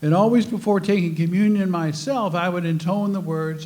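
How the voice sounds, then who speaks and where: A man's voice: high voice, steady tone, moderate pace, few pauses, a little mellow. An older man, a former priest, giving a talk to a spiritual group, telling personal stories with self-mocking humor. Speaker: speaker.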